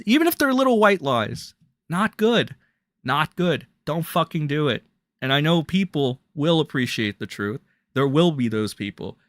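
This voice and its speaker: A man's voice: medium pitch, no room sound. A young man ranting bluntly and crudely as a drama commentary streamer on a livestream. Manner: blunt, crude, ranting with sudden loud jumps.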